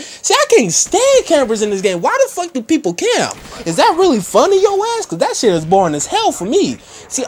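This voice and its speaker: A teenage boy giving casual gameplay commentary, brash and profane, rambling with lots of "you know" and slang. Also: high-pitched. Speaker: gaming commentator.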